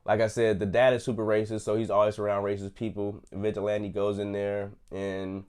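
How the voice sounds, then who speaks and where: Brief: young male reviewer, relaxed and slangy, retells scenes with a laugh, lowish voice. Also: fairly quick, clean tone. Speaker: host reviewing a TV episode. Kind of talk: casual chat.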